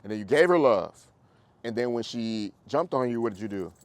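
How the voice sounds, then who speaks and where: A man, a dog trainer coaching a group class in a casual way, animated and acting out dogs and owners, with casual swearing. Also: mid-range voice, brisk, dry recording.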